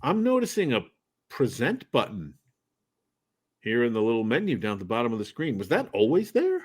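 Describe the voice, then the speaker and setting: A man's voice: mid-range voice, huge pitch swings, quick pace, a little mellow. A man co-hosting a casual sports podcast over a remote call, joking and conversational. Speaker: podcast co-host. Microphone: remote call setup.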